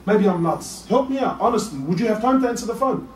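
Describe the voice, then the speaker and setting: A man preaching a sermon in an animated way, with shouted peaks and playful asides. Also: high voice, fast talker. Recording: roomy echo, voice from a distance, faint noise.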